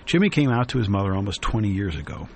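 A man hosting a radio talk show, reading a newspaper column aloud in an earnest, reflective way with many pauses and fillers. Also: on the low side, very animated, a little hiss or hum.

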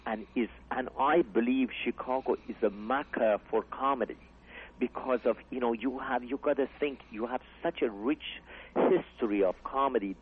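A man's voice: medium pitch, normal speed, slightly rough. A comedy club owner, a man, chatting earnestly on a radio interview in rambling English with broken grammar. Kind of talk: casual radio interview chat. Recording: tinny phone-like radio audio.

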